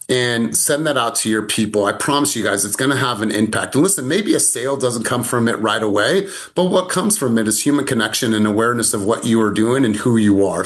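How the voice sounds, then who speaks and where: A man leading a casual group coaching call over video from a home in the mountains, energetic and emphatic, repeating words and laughing often. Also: medium pitch. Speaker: sales coach.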